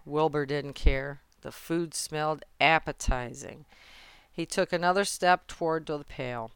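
Woman narrator, children's book read-aloud, low voice, slow measured pace, very clear, dry close sound. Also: fairly even intonation, dry recording. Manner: gentle, measured storytelling. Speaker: storybook narrator.

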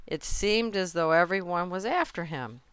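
A woman reading a children's storybook aloud in a gentle, measured way. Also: lowish voice, expressive, smooth. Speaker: storybook narrator. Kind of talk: children's book read-aloud.

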